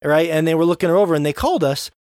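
A young adult man co-hosting a podcast, telling a story in an animated, casual way and swearing now and then. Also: fairly high pitch, racing, clean tone, no room sound. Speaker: podcast co-host. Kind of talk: casual chat.

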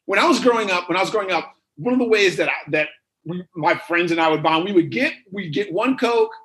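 A man preaching a sermon, telling a story with lively repeated phrases. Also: sits high, brisk, rough recording.

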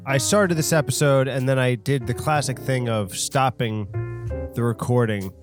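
A half-Hispanic man hosts his own podcast solo, with music playing in the background. His mid-range voice moves at normal speed as he rambles casually and crudely, mocking himself and filling his talk with fillers and restarts.

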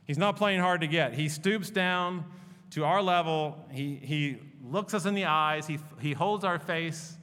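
A man preaching a sermon, telling the story in a conversational, animated way with fillers and asides. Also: fairly high pitch, unhurried, long reverb tail. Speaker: pastor.

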